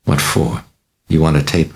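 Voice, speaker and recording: A man reading the part of an anxious, exhausted mother in an audiobook, speaking in clipped, hurried lines. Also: extremely low pitch, gravelly, darkish tone, pitched above the performer's own voice, heavily acted. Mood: tense. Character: anxious weary woman, mother of a sick girl.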